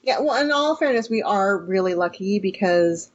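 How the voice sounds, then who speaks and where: A woman from California co-hosting a casual podcast chat, wry and relaxed, laughing often. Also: medium pitch, normal speed, dull audio. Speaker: podcast co-host.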